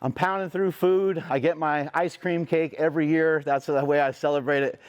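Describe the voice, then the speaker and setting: A middle-aged man giving a motivational speech, telling a personal story in a profane, animated way. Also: fairly high pitch, moderate pace. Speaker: motivational speaker.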